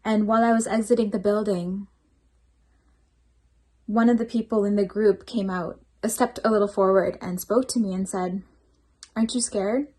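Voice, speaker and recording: A woman's voice: mid-range voice, fairly even intonation, normal speed, dark tone. Woman telling her story at a devotional gathering, earnest and reflective, healthcare worker on night shifts. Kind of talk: personal testimony at a devotional program.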